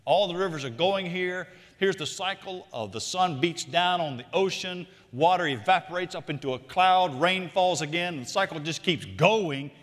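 A man preaching a sermon, animated, shifting between loud emphatic lines and quiet asides. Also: sits high, normal speed, hardly any pauses, long reverb tail. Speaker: pastor.

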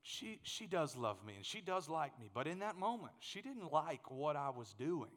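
High-voiced pastor preaching in a reverberant hall. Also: male voice, moderate pace. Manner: animated, joking, repeats words when he starts a thought. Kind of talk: sermon.

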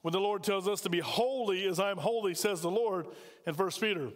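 Male pastor, high voice, conversational sermon, long church reverb. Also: brisk. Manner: conversational preaching, asks the congregation questions. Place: church sanctuary.

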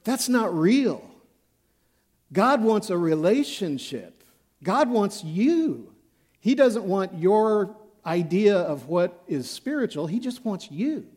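A male pastor delivers a casual, self-deprecating sermon. His voice sits high for a man. He speaks slowly and unhurriedly, like he is chatting with the congregation. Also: big pitch swings, darkish tone. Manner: conversational, self-deprecating, acts out examples.

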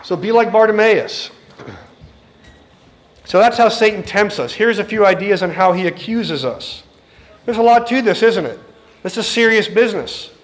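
A man's voice: sits high, animated, moderate pace, pauses often. A middle-aged man preaching a sermon in an earnest, direct way, speaking to the congregation and acting out the voices he quotes.

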